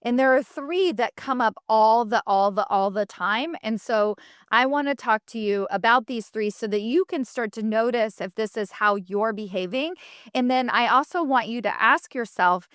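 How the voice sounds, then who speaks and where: A woman's voice: fairly high pitch, moderate pace, fairly bright tone, clean tone, no echo, clean studio sound. A woman hosting a solo podcast, telling a personal story in a candid, chatty way and turning it into coaching advice. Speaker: podcast host.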